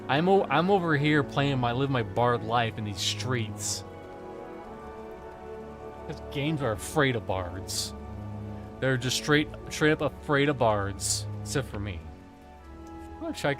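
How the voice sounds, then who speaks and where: A man streaming a video game, chatting casually and rambling with jokes and swearing. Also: lowish voice. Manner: joking, profane, rambling. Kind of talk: casual gameplay commentary.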